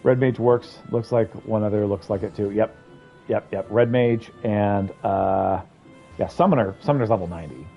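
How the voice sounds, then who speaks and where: A man's voice: lowish voice, moderate pace, gravelly, dull audio, soft background music. A man streaming a video game, chatting casually and thinking aloud as he rambles through it. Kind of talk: casual gameplay commentary.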